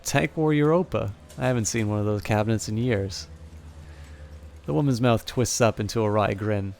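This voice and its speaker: A man narrating as game master for a tabletop game livestream, talking in a halting, self-correcting way. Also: fairly low pitch, gravelly, a little mellow.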